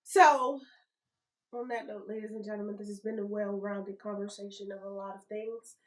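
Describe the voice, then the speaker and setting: A middle-aged woman co-hosting a casual podcast chat, animated and repeating phrases for emphasis. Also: medium pitch, moderate pace, poor audio. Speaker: podcast co-host.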